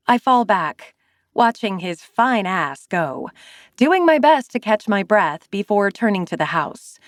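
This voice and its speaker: A young woman reads a first-person romance audiobook in an expressive way, her pitch at a middle height but lively and swinging. She is recorded close and dry, with no room sound. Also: measured pace, dry recording. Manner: expressive, with high gasps in dialogue. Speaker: audiobook narrator.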